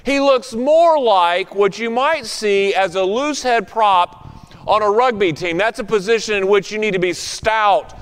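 A man's voice: high voice, unhurried, clear, resonant tone, long reverb tail. A male pastor leading prayer and preaching a sermon, telling a story with varied pace and strong emphasis.

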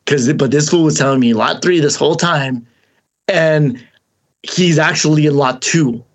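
A man hosting a podcast, telling a long story in casual chat, rambling and animated, acting out the voices of the people he quotes. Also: fairly high pitch, measured pace. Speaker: podcast host.

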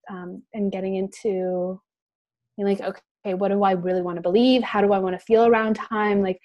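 A woman talking on a podcast in a reflective, soft-spoken way, with many fillers. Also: mid-range voice. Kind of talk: casual chat.

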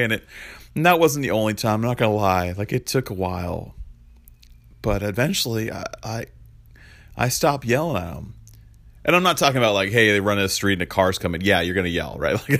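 Male pastor, 30s, lower pitch; conversational, confessional sermon delivery. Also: fairly bright tone. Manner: conversational and confessional, lots of fillers like "like" and "man".

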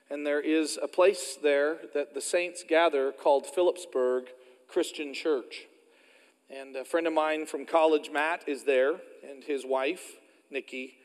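A man with an Oklahoma accent preaches from the pulpit, his fairly high voice carrying a long reverb through the sanctuary. He tells stories in a folksy, self-deprecating way. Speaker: pastor. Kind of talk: sermon.

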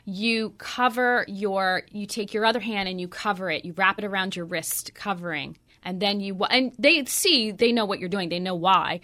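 A woman's voice: mid-range voice, normal speed, few pauses, bright, forceful tone. A middle-aged woman hosting a radio show, chatting casually and telling stories with lots of fillers. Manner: chatty, anecdotal, frequent fillers. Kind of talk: casual chat.

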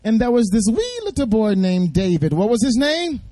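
A man speaking as a guest at a church service, telling a Bible story in a fast, playful way and drawing responses from the audience. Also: high voice, big pitch swings, mellow, no room sound.

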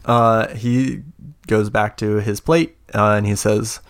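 A man's voice: fairly low pitch, steady tone, slow pace. A man narrating as game master in a tabletop game, describing scenes and actions step by step.

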